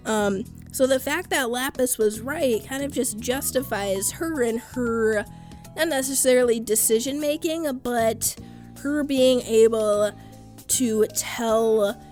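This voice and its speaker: A young woman casually recapping and giving her opinion on a cartoon episode, chatty and quick to laugh. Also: a little high, a little mellow, soft background music. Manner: chatty, laughs often, quotes characters loosely. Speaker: cartoon reviewer.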